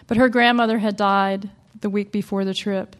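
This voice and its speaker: Southern lady spinning a personal story, chatty and wry, mid pitch. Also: flat delivery, moderate pace. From American South.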